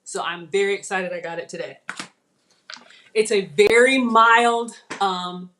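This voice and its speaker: A woman's voice: medium pitch, measured pace, fairly bright tone. A middle-aged woman, hosting a chatty live cooking demo and talking viewers through each step. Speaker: channel host.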